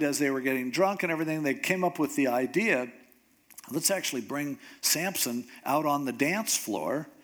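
A male preacher tells a story from the pulpit in a conversational, joking way. His voice sits a bit high, and he is animated, tossing off wry asides between the action. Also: vocal fry. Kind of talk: humorous sermon storytelling.

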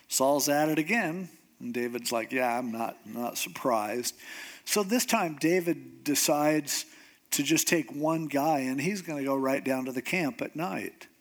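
A man preaching in a casual, conversational way, retelling a scripture story with slang and lively asides. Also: medium pitch.

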